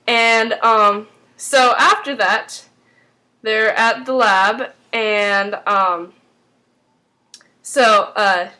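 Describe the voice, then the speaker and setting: A woman's voice: on the high side, very slow, pauses often, bright, forceful tone. A woman casually recapping a TV episode, rambling with lots of fillers. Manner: rambling, full of "like" and "um". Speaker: TV recap vlogger.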